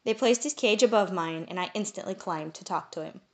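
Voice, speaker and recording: A woman narrating a first-person fantasy audiobook in a measured, expressive way. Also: medium pitch.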